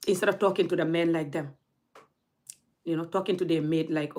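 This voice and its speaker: A woman's voice: fairly low pitch, steady tone, a little fast, a little mellow. A young woman, scolding her audience in a blunt, heated rant straight to camera. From Gambia. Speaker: vlogger.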